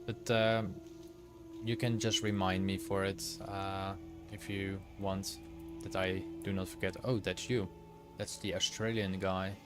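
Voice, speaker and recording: Easygoing guy streaming a game, talks to chat, kinda low voice, game music going underneath. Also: level tone, measured pace. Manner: easygoing, chats with viewers while playing. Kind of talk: casual live-stream chat while gaming.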